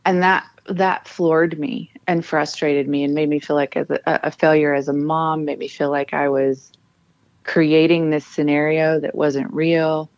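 A woman's voice: low-pitched, level tone, unhurried, a little mellow, no room sound, muffled recording. A woman in her thirties, a military spouse and author, telling her family's story with earnest emotion and frequent restarts. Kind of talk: personal storytelling in an interview.

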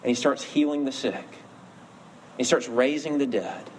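With faint ambient noise in the background, a pastor delivers an earnest, story-driven sermon, lifting his voice to stress points. He speaks in a mid-range voice at normal speed.

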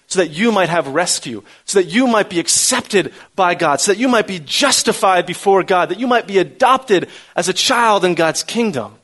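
A man's voice: sits high, a bit bright. A man preaching a sermon in an earnest style, stressing his points through repetition. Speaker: pastor.

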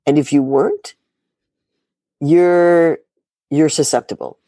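A middle-aged woman journalist, appearing as an interview guest, speaks in a deep, mellow voice at a slow pace with a steady tone. The political interview talk is animated, as she talks emphatically and fires off rhetorical questions with sarcastic asides. The sound is clean studio quality with no echo.

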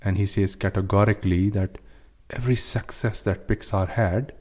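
A man's voice: fairly low pitch, steady tone, moderate pace, a little mellow. A man on a podcast recounting stories and ideas in a chatty way, with frequent "uh" fillers. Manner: storytelling, with "uh" fillers and restarts. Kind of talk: casual discussion.

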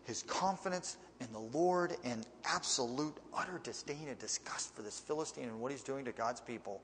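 A man's voice: medium pitch, moderate pace, a bit bright, long reverb tail, slight background noise. A man reading Bible verses and explaining them in a plain, conversational way. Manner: conversational, plain-spoken asides between readings. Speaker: preacher teaching a Bible passage.

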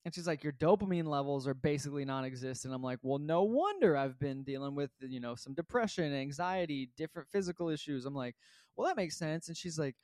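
High-voiced man telling a story casually. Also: fairly quick, no room sound, clean studio sound. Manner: animated, acts out his own reactions with lots of "like" and "right?". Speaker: vlogger.

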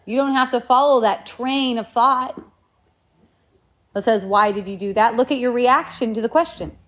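A woman gives a casual spiritual talk, her voice sitting a little high. She muses in a rambling, reflective way and often circles back to restart a thought. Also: normal speed, a bit bright.

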